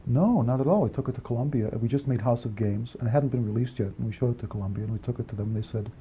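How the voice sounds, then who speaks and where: A man being interviewed about his film work, talking quickly in long rambling answers with many restarts and asides, on an old archival tape. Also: medium pitch. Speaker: film writer and director, interview guest. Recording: dull archival 1980s interview tape, faint hiss.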